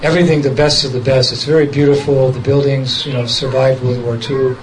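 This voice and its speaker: A man's voice: medium pitch, flat delivery, a little fast, a crowd in the background, low-quality recording. Man chuckling through a story. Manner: chuckles often while telling, quotes others directly. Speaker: devotee recounting a memory. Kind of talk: casual storytelling talk.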